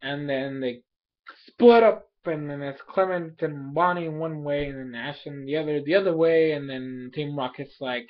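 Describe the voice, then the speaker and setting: Young guy rambling through an episode recap, kinda high voice, lots of likes and ums, muffled lo-fi mic. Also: normal speed. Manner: rambling, animated, filler-heavy, laughs often. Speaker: anime episode reviewer.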